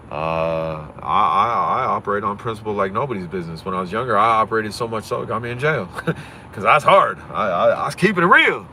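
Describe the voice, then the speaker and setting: Brief: swaggering livestreamer man from Pennsylvania, bright forceful voice, rapid profane rambling, phone outdoors with faint traffic. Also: mid-range voice. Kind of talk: casual livestream talk.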